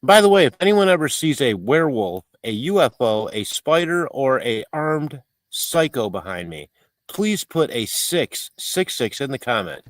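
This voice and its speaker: Man with a lively up-and-down voice. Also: medium pitch, unhurried, dry recording. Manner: rambling, playful, mock-fussy. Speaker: livestream host reading viewer comments. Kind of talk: casual live-stream chat. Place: home, outdoors at night.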